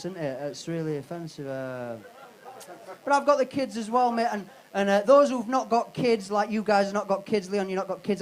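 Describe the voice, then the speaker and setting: A man's voice: sits high, low-quality recording. A man doing live stand-up on a comedy club stage, brash and sweary, teasing the crowd.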